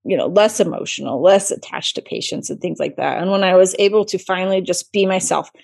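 A woman surgeon telling stories in a chatty, expressive way during an interview. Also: fairly low pitch, a little fast, vocal fry, breathy edge. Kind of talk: casual interview storytelling.

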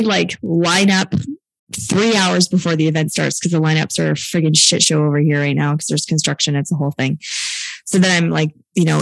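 A young adult woman and filmmaker telling a story in casual chat, full of "like" fillers and quick laughs. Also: low voice, vocal fry, dry recording, rough recording. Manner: chatty, many "like" fillers, laughs often. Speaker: filmmaker and producer.

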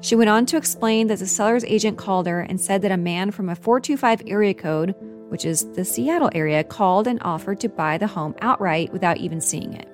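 A woman narrating her own true story in a measured, earnest scripted style. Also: medium pitch, soft background music.

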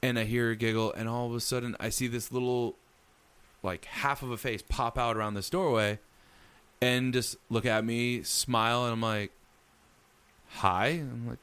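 A man telling a story in casual chat, animated and acting out the lines he quotes. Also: medium pitch, moderate pace, smooth. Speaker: storyteller recounting a ghost encounter.

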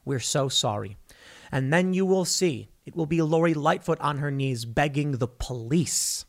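A man's voice: a little high, normal speed. A man giving opinionated political commentary, emphatic, firing rhetorical questions and mocking the people he quotes.

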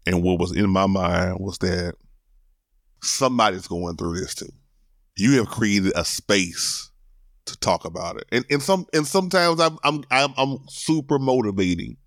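A man's voice: on the low side, expressive, unhurried, a bit bright, no echo, clean studio sound. A middle-aged man hosting his own solo podcast, talking candidly and emotionally, cursing casually and repeating words as he builds his point. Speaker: podcast host.

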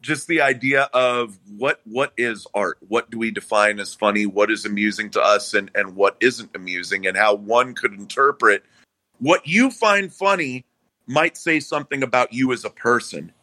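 Bright-voiced profane comedian man. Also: medium pitch, normal speed, no room sound. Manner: profane, rambling, self-mocking. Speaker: comedian guest. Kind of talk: casual interview chat.

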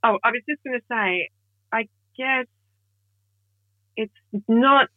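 Lively woman comedian on a phone-like line. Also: a little high, takes it slowly, no room sound. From Australia. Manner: lively, bursts into laughs and voices others. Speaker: comedian guest. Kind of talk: casual interview chat. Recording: dry, phone-like remote line.

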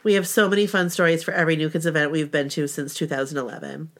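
Low-voiced woman reading heartfelt story. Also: fast talker. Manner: sincere, heartfelt. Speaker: podcast co-host. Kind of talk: reading a personal story aloud.

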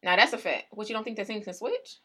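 A young woman co-hosting a casual podcast chat. Her voice swings widely in pitch as she argues her point, insistent and quick to laugh. The tone is bright and forward. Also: husky. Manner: animated, argumentative, laughs often. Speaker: podcast co-host.

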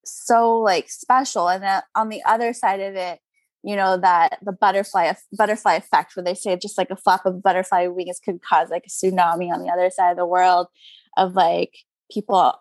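A woman's voice: on the low side, flat delivery, moderate pace, no echo. A young adult woman chatting as an interview guest, upbeat and full of "like" and "you know". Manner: chatty, upbeat, lots of "like" and "you know" fillers, frequent laughs. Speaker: guest, crystal seller. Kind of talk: casual interview chat.

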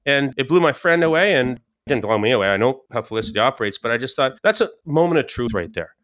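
A man, a podcast guest, telling stories in a lively casual way, often laughing and repeating words. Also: mid-range voice, fast. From Scottish-English family. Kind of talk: casual storytelling.

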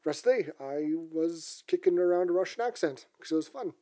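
A woman's voice: fairly low pitch, lively intonation, fairly quick, mellow. A woman co-hosting a podcast, from Canada, telling rambling stories in casual chat with frequent restarts.

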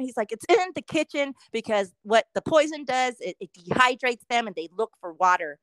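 A middle-aged woman spins a profane, animated story for a casual podcast, swearing freely. Her voice sits a little high and lifts as the tale builds. The sound is dry and close. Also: normal speed, few pauses, no echo. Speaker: podcast co-host.

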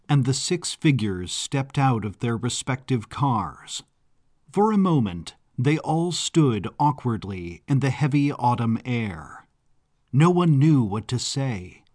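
A man narrating a story in a measured, descriptive way. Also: mid-range voice, a little mellow. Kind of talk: scripted audiobook narration. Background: faint background music.

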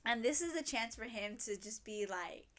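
A woman's voice: on the high side, lively intonation, normal speed, fairly bright tone. A woman in casual chat, retelling a drama plot in a rambling way full of fillers and acted quotes. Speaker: co-host recapping a drama.

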